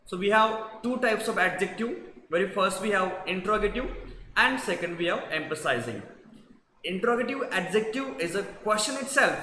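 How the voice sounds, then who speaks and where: A man's voice: sits high, bright, forceful tone. A man teaching a grammar revision lesson, explaining patiently and repetitively and checking in with the class. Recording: echoey room with long reverb and faint noise.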